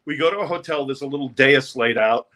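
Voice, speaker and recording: A man from New York, an interview guest telling lively, profane stories and acting out the people in them. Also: mid-range voice, quick pace. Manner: animated, profane, acts out voices. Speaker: interview guest, music producer. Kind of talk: casual storytelling interview.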